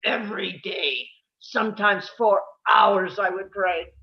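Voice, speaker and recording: A woman's voice: mid-range voice, takes it slowly, lo-fi sound. A woman reading the part of a bitter, tormented male composer in a table read, with a brooding, confessional delivery. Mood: anguished.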